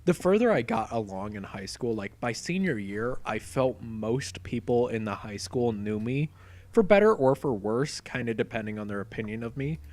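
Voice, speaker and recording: A man's voice: medium pitch, normal speed. A young man of about twenty, co-hosting a podcast and telling stories in casual chat, full of "like" fillers. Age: around 20. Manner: animated storyteller, frequent "like" fillers. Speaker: podcast co-host.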